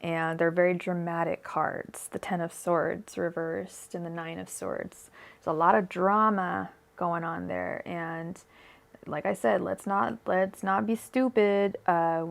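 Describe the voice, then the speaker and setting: A woman's voice: fairly low pitch, gravelly. A young woman giving a live-streamed tarot reading, rambling and emotional, with many fillers and restarts. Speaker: tarot reader.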